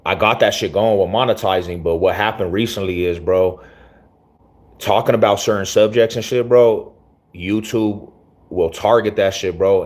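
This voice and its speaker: A man's voice: sits low, darkish tone. A man hosting his own channel, talking casually to camera in slangy, rambling speech with many restarts. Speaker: YouTube channel host.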